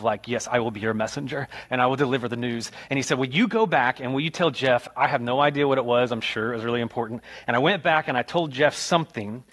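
A young adult man, a pastor, preaching in a church sanctuary and telling a childhood story with lively, rising retellings. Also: medium pitch. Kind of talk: sermon.

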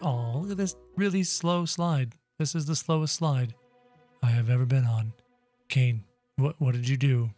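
A man giving playful, excitable let's-play commentary while talking to his viewers. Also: medium pitch, moderate pace, faint music behind. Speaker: gameplay video creator.

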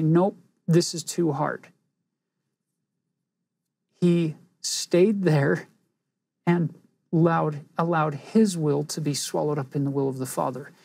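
A woman teaching a scripture lesson in an earnest, reflective way, pausing for emphasis. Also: deep voice, vocal fry, dark tone, slightly rough, dry recording.

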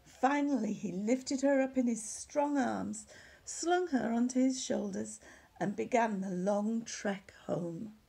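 A woman reading a children's story aloud at church, animated, dropping to hushed whispered asides. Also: fairly high pitch, takes it slowly, creaky, breathy edge.

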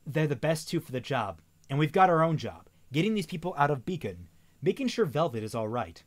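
A man voicing a confident young woman team leader, steady and reassuring, while reading a novel aloud. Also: fairly high pitch, fairly quick.

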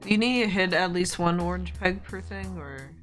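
A woman on a casual stream talks quietly into a desk mic, barely projecting. Her voice sits very low for a woman, with faint music behind her. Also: moderate pace. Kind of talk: casual live-stream chat. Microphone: desk mic on an arm.

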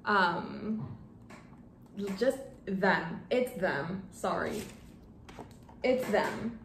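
A woman in her twenties chatting casually in a book vlog, gushing and excitable, often stumbling over her words. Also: mid-range voice, very slow, gravelly. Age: 20s. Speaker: book vlogger. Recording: echoey room, faint background hum.

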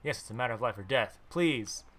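A man's voice: medium pitch, lively intonation, fairly quick, fairly bright tone. A man voicing a desperate young man who begs urgently for help while reading a game aloud. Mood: pleading. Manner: pleading, urgent. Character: desperate pleading young man begging for a cab.

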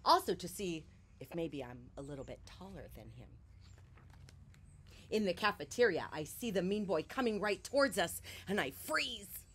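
A woman reading a children's picture book aloud on a porch, shifting from hushed whispers to loud outbursts. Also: on the low side, lively intonation, normal speed, slightly rough. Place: porch, outdoors.

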